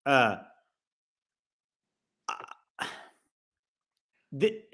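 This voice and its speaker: A man hosting a casual sports podcast with live call-ins, talking in animated bursts with quick restarts. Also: medium pitch.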